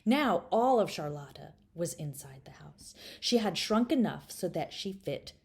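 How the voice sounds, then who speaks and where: A woman's voice: on the low side, animated, unhurried, a little mellow. A woman reading her own children's story aloud, playfully speaking straight to the listener and dropping to whispers.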